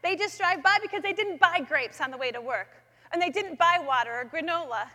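A woman speaking in a chapel, sharing a personal faith story with lively storytelling in which she acts out her own thoughts. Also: very high voice, fairly quick. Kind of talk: personal testimony talk. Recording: long echoey hall reverb.

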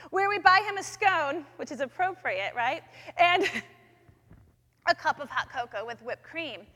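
High, bright woman telling a chapel testimony. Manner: lively storytelling, acting out her own thoughts. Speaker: chapel speaker sharing a faith story. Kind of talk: personal testimony talk. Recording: long echoey hall reverb.

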